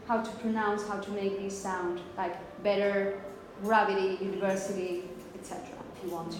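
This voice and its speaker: Woman teaching in an echoey classroom. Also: on the high side. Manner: explains slowly with many repetitions and "okay?" checks. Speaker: phonetics teacher. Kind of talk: classroom lecture. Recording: echoey classroom with long reverb, faint hiss.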